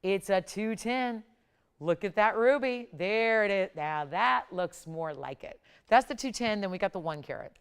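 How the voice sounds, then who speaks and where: A woman's voice: mid-range voice, animated, normal speed, hardly any pauses, clean tone. A woman hosting a live jewelry shopping broadcast, with upbeat, pushy sales patter. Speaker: shopping channel jewelry host.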